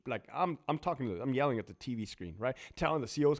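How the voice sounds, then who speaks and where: A man's voice: a little high, big pitch swings, fast, hardly any pauses. A man with a Californian accent, a former prison officer, tells profane stories in a blunt monologue and mimics other people's voices.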